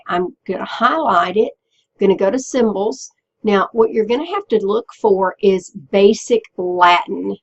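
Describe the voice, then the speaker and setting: A woman teacher walking students through a software tutorial step by step, patiently checking in with them as she goes. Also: mid-range voice, muffled recording. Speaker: Spanish teacher. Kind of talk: screen-recorded software tutorial.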